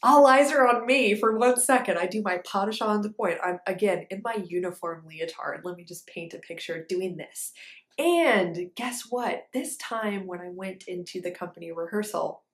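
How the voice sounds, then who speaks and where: A young woman recounts her dance training in a loose, animated storytelling style, tossing in plenty of fillers. Her pitch sits in the middle range. The sound carries noticeable echo from the room she recorded in. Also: normal speed. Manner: animated, chatty, lots of fillers. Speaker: ballet dancer and vlogger. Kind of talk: casual storytelling. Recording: echoey room.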